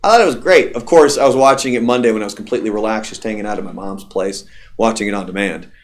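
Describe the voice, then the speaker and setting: A man hosting a casual radio after-show chat, blunt and profane, his throat hoarse. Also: on the low side, quick pace.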